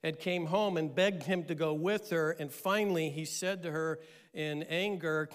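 Smooth-voiced middle-aged man preaching. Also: on the high side. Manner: animated storyteller with frequent "uh" pauses. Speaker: pastor. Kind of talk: sermon storytelling.

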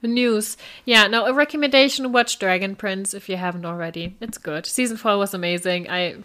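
A woman's voice: medium pitch, normal speed, fairly bright tone. A woman co-hosting a podcast in casual chat, with a blocked nose, laughing often and trailing off mid-sentence. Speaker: podcast co-host.

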